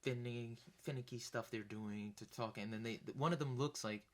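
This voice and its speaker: A young man telling a concert story in a loose, animated way, swearing now and then and acting out the voices of the people in it. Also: mid-range voice, moderate pace. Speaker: vlogger. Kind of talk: casual storytelling.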